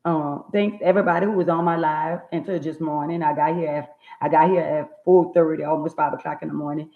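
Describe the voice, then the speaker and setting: A woman hosting a casual livestream, greeting viewers by name in a chatty, drawn-out way. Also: low-pitched, steady tone. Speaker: livestream host. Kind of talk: casual live chat. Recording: tinny phone-like sound in an echoey room.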